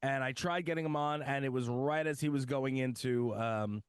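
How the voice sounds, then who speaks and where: A man's voice: mid-range voice, normal speed, clear, resonant tone, dry recording. A man from the US East Coast co-hosting a podcast in casual chat, rambling and joking with lots of fillers, recorded in a studio. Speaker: podcast co-host.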